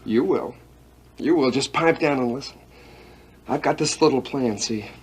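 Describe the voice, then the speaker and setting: An actor playing a coaxing, scheming boyfriend in a 1980s TV soap opera. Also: male voice, mid-range voice, normal speed, a little hiss or hum, close to an everyday voice. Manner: coaxing, persuasive. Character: smooth-talking scheming boyfriend, Clipper.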